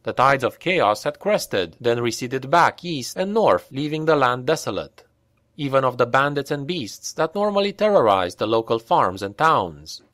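A man narrating a dark fantasy audiobook at a steady, measured pace, in a voice of middle pitch. The recording is dry and close, with no room echo.

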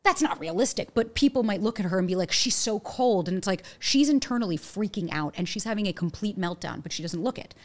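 Fast-talking woman giving dating advice. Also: mid-range voice. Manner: animated, quick storytelling with acted quotes. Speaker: dating coach guest. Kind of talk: casual podcast conversation.

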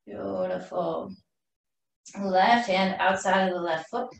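A woman teaching a live yoga class, cueing poses calmly while doing the flow herself and running out of breath. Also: a little high, takes it slowly. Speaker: yoga instructor. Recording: roomy echo from far off the mic.

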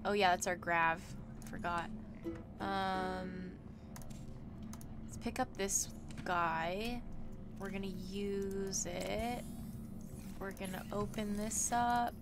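A woman's voice: mid-range voice, fairly even intonation, slow pace, long pauses, over music. A young woman streaming a game, chatting casually, reading chat aloud and poking fun at herself. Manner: chatty, self-deprecating, reads chat aloud.

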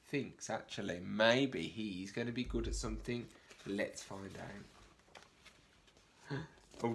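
An animated man reading to small children. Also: on the low side. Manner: animated, with gasps and questions to children. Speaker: reception class teacher. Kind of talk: reading a picture book aloud for young children. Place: home, remote lesson video.

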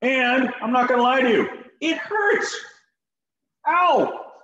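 A man's voice: very high voice, big pitch swings, moderate pace, sharp tone, echoey room, lo-fi sound. A man teaching a shop class in a folksy, joking way while demonstrating tools. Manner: folksy, joking, talks to students directly. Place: school workshop.

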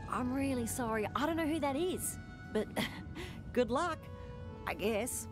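A man's voice: very high voice, animated, unhurried, over music. An actor playing a flustered, apologetic alien man who feels sick from overeating. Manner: flustered, apologetic, awkward laughs. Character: nervous sandwich-stuffed alien man.

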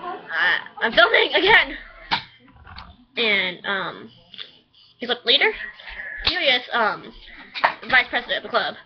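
A woman rambling casually through a review, chatty and quick to swear. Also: on the high side, big pitch swings, breathy edge. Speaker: anime reviewer. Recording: dull lo-fi home recording.

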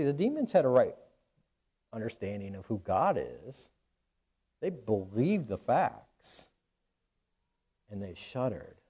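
A man's voice: medium pitch, mellow. A man pastor preaching a sermon, earnest, with frequent restarts and fillers.

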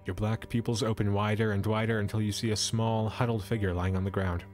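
A man's voice: on the low side, level tone, fairly quick, darkish tone, faint music behind. Man reading a storybook aloud on stream. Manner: playful asides and laughs between narration.

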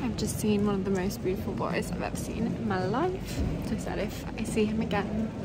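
Brief: young woman, phone-cam travel vlogger, excitable and chatty, speaking at a middling pitch with street noise clearly heard behind her. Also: a little fast. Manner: chatty and excitable, many "like"s and laughs. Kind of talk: casual travel vlog talk. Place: out and about in a city, in and out of doors. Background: street and traffic noise.

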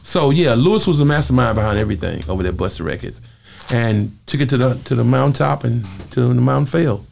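A man who is a former singer, telling lively stories in an interview and acting out the voices of other people in them. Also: gravelly. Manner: quick, lively storytelling, acting out quoted voices with big jumps in pitch. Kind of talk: animated storytelling interview.

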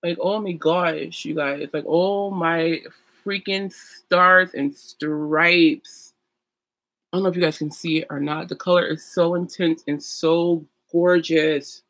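Bright, gushing young woman vlogger. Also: lowish voice, fairly even intonation, takes it slowly. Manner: chatty and gushing, with fillers and sung sounds. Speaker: beauty vlogger. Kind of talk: casual get-ready-with-me chat.

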